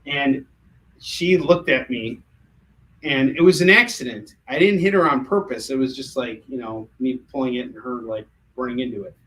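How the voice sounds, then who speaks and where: A man's voice: mid-range voice, normal speed, fairly bright tone. A man running a live comic book sale, full of puns and jokey sales patter.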